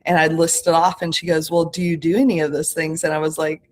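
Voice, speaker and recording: A woman's voice: sits low, little pitch movement, quick pace, darkish tone. A woman in her late thirties, a podcast guest telling her own story in an earnest, searching way, with many fillers and self-corrections. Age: 30s. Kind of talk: reflective conversational interview.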